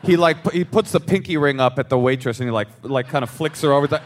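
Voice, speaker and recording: A man's voice: a little high, fast. A man co-hosting a live comedy podcast on a theater stage, trading dry, wisecracking asides. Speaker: podcast co-host.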